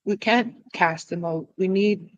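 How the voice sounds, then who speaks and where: A woman's voice: mid-range voice, unhurried. Give me an earnest woman guest sharing her thoughts, with a dull, muffled sound. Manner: earnest, with some hesitations. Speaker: guest speaker. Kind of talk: heartfelt community talk.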